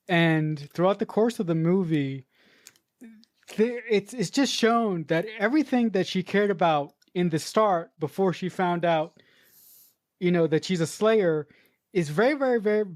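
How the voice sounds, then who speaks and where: A podcast co-host speaks casually about a movie in a mid-range voice. They often stall and repeat words before finishing a thought. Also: mid-range voice. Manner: repeats words while searching for phrasing. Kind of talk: casual movie review chat.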